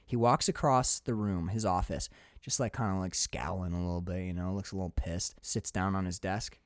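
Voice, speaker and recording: A man in casual talk about an old film, retelling scenes with lively acted-out lines and free swearing. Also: deep voice, moderate pace, no room sound, clean studio sound. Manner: animated retelling, acts out movie lines, swears freely. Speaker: podcast co-host.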